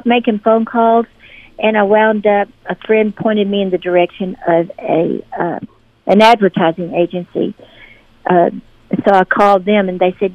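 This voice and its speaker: A woman's voice: mid-range voice, no room sound. A woman from Memphis, telling stories in a casual interview and acting out the voices of the people she quotes. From Memphis, Tennessee. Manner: animated, acts out quoted voices in her stories. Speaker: interview guest, singer-songwriter. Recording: dry tinny phone-line audio.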